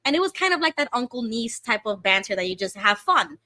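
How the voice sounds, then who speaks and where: Bright-voiced woman hosting a casual chat. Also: fairly high pitch, brisk, no room sound. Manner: animated storytelling, acts out quoted speech. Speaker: host.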